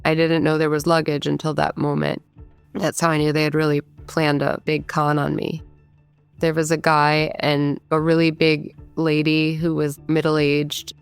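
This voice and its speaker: A woman's voice: sits low, clean tone. A woman in her thirties, originally from Michigan, recounting her own story in candid conversational speech with frequent fillers. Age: 30s. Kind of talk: personal storytelling.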